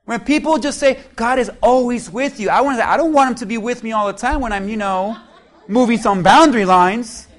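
A male pastor preaching a sermon in church, joking with the congregation and leading call-and-response. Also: very high-pitched. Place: church sanctuary.

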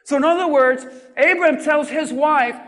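A man preaching a sermon, swinging from loud emphatic shouts to quiet, drawn-out phrases in a church. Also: very high voice. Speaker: pastor. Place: church sanctuary. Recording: long reverb in a large hall.

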